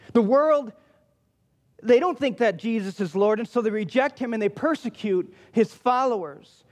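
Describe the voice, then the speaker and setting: A man delivers an emphatic sermon in a notably high voice. He drives his points home by repeating them. The sound carries a long hall reverb, as if from a church sanctuary. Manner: emphatic, repeats key phrases for weight. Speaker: pastor.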